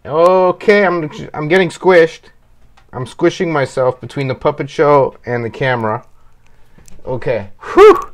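A man with a slightly high voice hosts a homemade children's puppet show. He talks to young viewers in a friendly, step-by-step way. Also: fairly even intonation, measured pace. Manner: friendly, explains step by step to kids. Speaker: puppeteer host.

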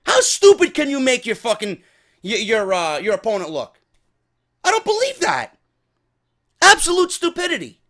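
A man with a fairly high voice reviews a wrestling show in a loose, profane rant. He sounds exasperated and often mocks what he describes. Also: a bit bright. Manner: exasperated, profane, mocking impressions.

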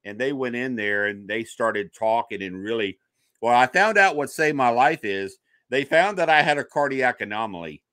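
Bright-voiced man telling a personal story. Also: medium pitch, moderate pace, dry recording. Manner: animated storyteller who acts out quoted voices. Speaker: podcast guest, paranormal investigator.

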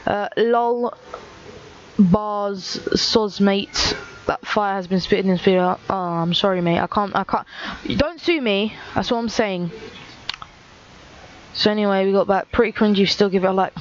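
A woman's voice: mid-range voice, unhurried, muffled recording, a little hiss or hum. Sarcastic teenage girl vlogging. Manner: sarcastic, teasing, self-mocking. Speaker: YouTuber. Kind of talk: casual commentary reading comments.

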